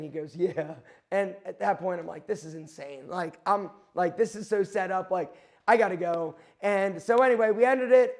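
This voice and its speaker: Male vlogger with a high voice, rambling and candid, quoting back and forth. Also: darkish tone. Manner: rambling, self-correcting, quotes himself and others. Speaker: channel host. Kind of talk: candid storytelling to camera.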